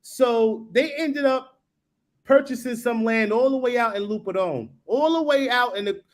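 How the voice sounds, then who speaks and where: Man, high-pitched voice, casual live-stream chat, rambling, lots of restarts. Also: moderate pace. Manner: rambling, restarts, asks "you know what I mean?". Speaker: guest building in the Caribbean.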